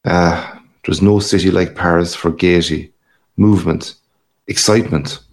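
A man's voice: deep voice, steady tone, a little slow, gravelly. A man doing a hearty, boastful journalist. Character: boisterous worldly middle-aged man, a journalist.

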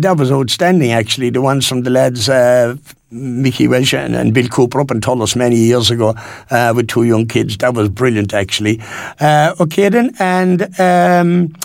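A man's voice: high voice, gravelly, a little mellow, no echo. An Irish man presenting local radio, reading out listener texts in a chatty, rambling, homely way at a studio mic. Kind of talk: local radio shout-outs.

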